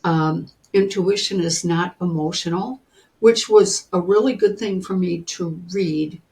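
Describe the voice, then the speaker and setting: A woman in her seventies telling personal stories as a podcast guest in an animated way, often calling the listener honey. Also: lowish voice, measured pace. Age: 70s. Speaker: guest, psychic and spiritual teacher. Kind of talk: storytelling in a podcast interview.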